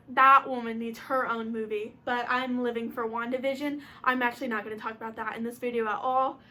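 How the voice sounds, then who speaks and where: A young woman vlogging at home, chatting to the camera in a gushing, excitable way, sometimes half-shouting. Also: fairly high pitch, a little hiss or hum. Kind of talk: casual chat to camera. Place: room at home.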